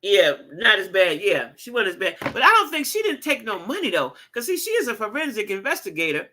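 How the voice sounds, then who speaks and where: A woman in her fifties telling a story in a casual vlog, animated and emphatic, laughing as she talks. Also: mid-range voice, brisk. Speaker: vlogger.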